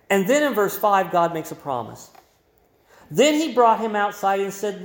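Male pastor, sermon, lively rising and falling delivery, conversational teaching, roomy echo. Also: high-pitched, moderate pace. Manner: expository, conversational preaching with emphatic quoted voices.

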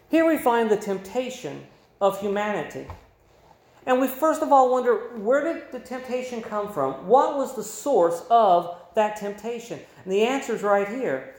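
A man preaching a sermon, reading scripture aloud and explaining it in a measured teaching manner. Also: high-pitched, lively intonation, a little mellow, reverberant.

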